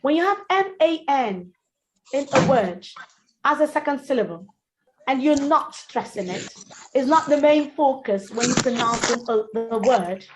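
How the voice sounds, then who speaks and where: Woman diction teacher, fairly high voice, slow and deliberate drilling of words. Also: lively intonation, rough recording. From Nigeria. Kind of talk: online pronunciation class.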